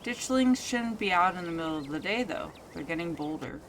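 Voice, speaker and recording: A woman's voice: lowish voice, lively intonation, a little fast, slight background noise. A woman streaming a story game, reading narration aloud and fretting in muttered asides. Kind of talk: let's play commentary and narration reading.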